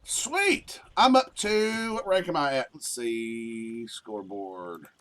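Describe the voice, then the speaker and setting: A man's voice: medium pitch, lively intonation, slow pace, fairly bright tone. A man chatting casually and profanely while streaming a game. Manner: rambling, profane, easygoing. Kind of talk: casual live-stream chat.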